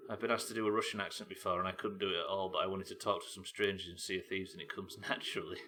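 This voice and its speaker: Bright-voiced Welsh man streaming a game. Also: low-pitched, racing, a little hiss or hum. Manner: animated, swears casually, reacts loudly to the game. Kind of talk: live gameplay commentary chatting with viewers.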